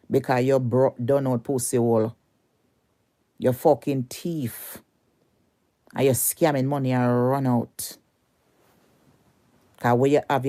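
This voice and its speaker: A woman's voice: very deep voice, dark tone. A Jamaican woman delivering a heated, cursing rant at a rival on social media, repeating her insults over and over.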